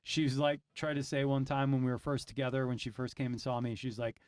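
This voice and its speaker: A man, co-hosting a casual livestream and telling relaxed stories. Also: mid-range voice, fast, dry recording. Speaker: co-host of a livestream. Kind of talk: casual chat.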